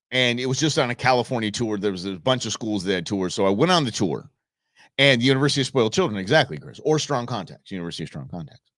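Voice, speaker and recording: A man hosts a casual live stream, chatting straight to his viewers and wandering through anecdotes with restarts and asides. His voice swings widely in pitch as he tells stories. The sound is dry and close. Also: no echo. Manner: animated storyteller, frequent restarts and asides to chat. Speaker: live show host.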